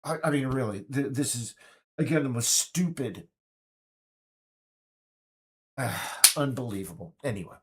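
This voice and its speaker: A man's voice: medium pitch, animated, normal speed, slight background noise. A man giving a ranting political monologue, stammering and restarting, now and then mocking others in put-on voices.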